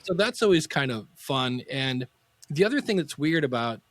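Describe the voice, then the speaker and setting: A middle-aged man, a podcasting teacher, telling anecdotes in a casual interview and acting out quotes with sudden pitch jumps. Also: very animated, moderate pace, no room sound.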